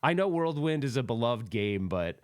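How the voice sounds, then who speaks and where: A man's voice: mid-range voice, big pitch swings, moderate pace, clear, resonant tone, no room sound, studio quality. Rambling man with a faint East Coast accent. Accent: faint East Coast American. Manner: rambling, laughs at himself, loose fillers. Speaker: podcast host. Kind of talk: casual solo chat.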